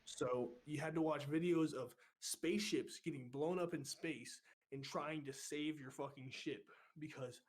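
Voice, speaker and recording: A man telling a boot camp story on a casual podcast, profane and animated, getting loud when he acts out what he said. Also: fairly high pitch, unhurried, hardly any pauses. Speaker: podcast co-host.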